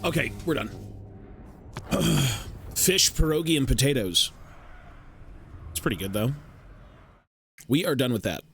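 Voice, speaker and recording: A man's voice: mid-range voice, animated, a little slow, pauses often, fairly bright tone, slight background noise. A man streaming a game, talking casually and muttering to himself. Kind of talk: casual gameplay commentary.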